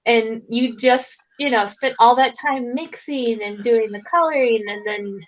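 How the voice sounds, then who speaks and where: A woman joins a craft live stream as a guest, with a voice slightly on the high side. She talks in a sympathetic, reassuring way, comforting the host. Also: unhurried, lo-fi sound. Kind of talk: casual chat on a live stream.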